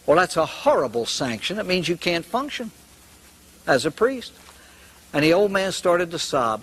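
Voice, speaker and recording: A man's voice: sits high, big pitch swings, moderate pace, a bit bright, slightly rough, low-quality recording. An older man, a priest, telling humorous stories animatedly and acting out the characters. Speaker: priest and speaker. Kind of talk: humorous storytelling talk.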